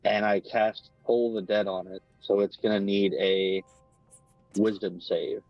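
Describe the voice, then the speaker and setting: A man playing a tabletop game, reading out rules in a relaxed, explaining way. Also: fairly low pitch, unhurried, no room sound, faint music behind. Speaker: player. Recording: dull, dry lo-fi recording.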